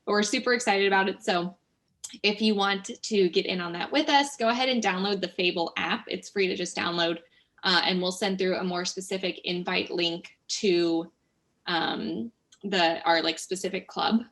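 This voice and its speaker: A woman's voice: on the low side, moderate pace, fairly bright tone. A woman co-host making a casual, enthusiastic and chatty announcement over a video call.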